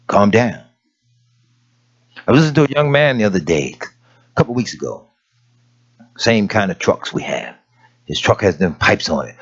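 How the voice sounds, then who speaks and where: A man preaching a sermon in a folksy, animated way, dropping to hushed asides and rising to sudden shouts. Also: on the low side, breathy edge. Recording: dull lo-fi recording.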